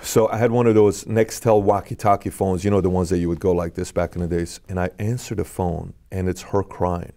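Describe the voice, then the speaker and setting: A man's voice: low voice, steady tone, fairly quick, gravelly, few pauses, warm tone. A middle-aged man, a podcast guest, telling a personal story in an earnest, questioning way.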